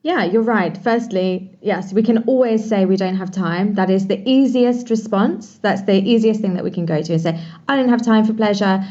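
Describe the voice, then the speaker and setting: A woman guest on a casual podcast, talking with eager, flowing warmth. Her voice is mellow and dark, heard through slightly dull, lo-fi audio, and her speech runs on in long, filler-laden stretches. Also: medium pitch, normal speed, hardly any pauses. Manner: enthusiastic, talks in long flowing runs with many "like"s. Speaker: podcast guest, pleasure coach.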